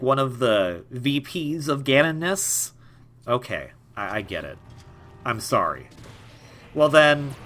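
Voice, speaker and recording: Animated young man riffing over gameplay. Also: on the high side, slight background noise. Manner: rambling, jokey, stammers and repeats words. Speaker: gaming YouTuber. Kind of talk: casual let's-play commentary.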